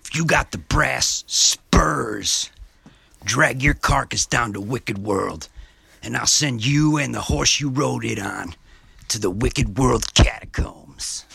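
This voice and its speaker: A man's voice: medium pitch, slow pace, creaky, sharp tone, slightly rough, no echo, exaggerated voice. A man growling as a wicked wrestling villain. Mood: menacing. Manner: growling wrestling promo, drops to a whisper. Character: menacing male wrestling villain, gravelly and taunting. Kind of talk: wrestling promo.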